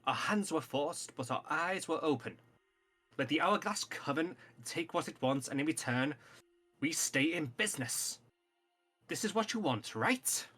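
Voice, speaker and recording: A man's voice: on the high side, animated, a little slow, bright, forceful tone, breathy edge, faint music behind, voice pushed up, exaggerated voice. A man voicing a scheming carnival owner who speaks in a soothing, coaxing way.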